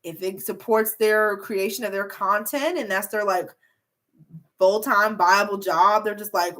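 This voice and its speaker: A woman's voice: mid-range voice, steady tone, measured pace, fairly bright tone. Bubbly chatty young woman YouTuber. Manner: chatty, bubbly, lots of filler words. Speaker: beauty and hair YouTuber. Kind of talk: casual livestream chat reading comments.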